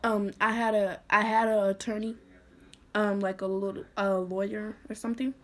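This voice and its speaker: A young woman vlogger telling a personal story in a somber, halting way, full of "like" fillers and restarts. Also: mid-range voice, little pitch movement. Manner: somber, emotional retelling. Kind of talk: storytime vlog.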